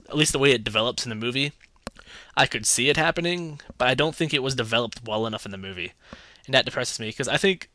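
Bright-voiced chatty young male movie reviewer. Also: mid-range voice, no echo. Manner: chatty and conversational, with sarcastic asides. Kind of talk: casual spoken movie review.

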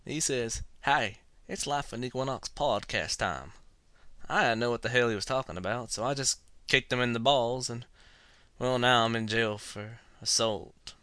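A man voicing a rough-talking Southern fellow fresh out of trouble, with a fake Southern accent and folksy storytelling. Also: mid-range voice, normal speed, pushed and bright, dry recording, lightly acted. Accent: fake American Southern. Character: rough-talking southern man who just got jailed.

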